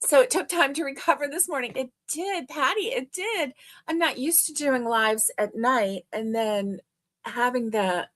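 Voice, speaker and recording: A woman's voice: sits high, measured pace, a bit bright. An older woman hosting a crochet live stream, chatting in a gushing, friendly way and laughing easily. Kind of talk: casual live stream chat.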